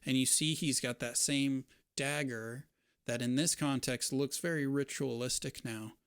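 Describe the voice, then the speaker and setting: A man narrating as game master of a tabletop game, describing scenes in a relaxed way with casual fillers. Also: medium pitch, unhurried, smooth, no room sound, studio quality.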